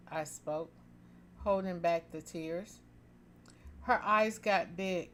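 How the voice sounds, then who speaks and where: A woman reading a story aloud on a live stream, expressive and chatty, pausing to joke with her listeners. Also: on the low side, a little hiss or hum.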